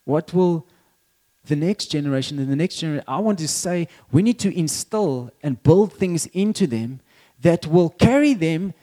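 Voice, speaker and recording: A man's voice: on the high side, dark tone. A middle-aged man preaching a sermon as pastor, talking conversationally, repeating words and chuckling now and then.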